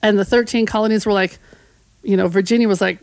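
A woman's voice: medium pitch, steady tone, quick pace, a little mellow, no room sound. Chatty woman historian on radio. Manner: conversational storytelling, acts out voices of history. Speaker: historian guest. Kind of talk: casual radio chat.

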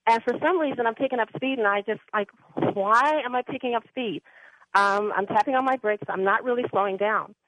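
Over a telephone line with no echo, a woman caller rambles through a personal story, laughing often. Her voice is fairly high and fairly bright, and she talks briskly in a chatty way.

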